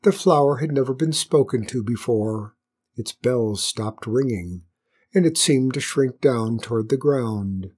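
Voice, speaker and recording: A woman narrating a children's story with gentle, wry asides. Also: extremely low pitch, measured pace, slightly rough.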